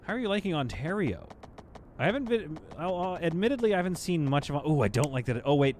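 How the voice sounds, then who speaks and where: A man's voice: a little high, sing-song, fast, a little mellow, slight background noise. A man streaming live gameplay, chatting casually to his viewers and to the game as he builds. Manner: chatty, talks to the game and to chat, playful asides.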